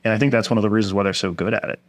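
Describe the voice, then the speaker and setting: A man's voice: on the low side, fairly even intonation, rapid-fire. A man who is a guest in an interview, telling personal stories candidly and acting out other people's words in raised voices. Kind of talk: candid storytelling conversation.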